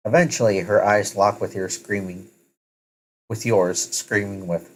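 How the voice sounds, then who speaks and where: Male story reader, lowish voice, casual, stops to fix his slips. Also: fairly even intonation, unhurried, a little hiss or hum, poor audio. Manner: self-correcting, casual. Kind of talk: second-person story narration.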